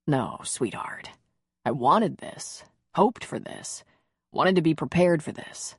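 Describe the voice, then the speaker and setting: A woman's voice: expressive, takes it slowly, breathy edge, no room sound, studio quality, full character voice. A woman voicing a tender, reassuring man. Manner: gentle, reassuring, low murmur. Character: tender confident adult man, a lover.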